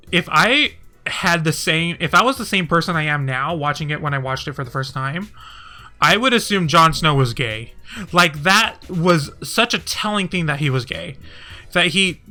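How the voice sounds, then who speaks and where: A man streaming casually, rambling and swearing, and getting heated and animated as he talks. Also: fairly high pitch. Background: faint music.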